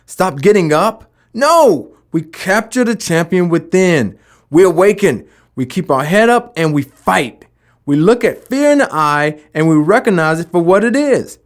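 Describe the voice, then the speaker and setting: A man giving a motivational talk about never giving up, with emphatic delivery and rhetorical questions. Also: fairly high pitch. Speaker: motivational speaker.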